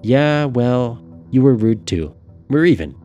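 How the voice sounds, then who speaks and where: A man's voice: mid-range voice, animated, slow pace, warm tone, lo-fi sound, pitched above the performer's own voice. A man reading aloud, voicing a stern, threatening young girl who sees herself as grown up, over faint music. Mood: menacing. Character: cold, menacing young girl, feels mature.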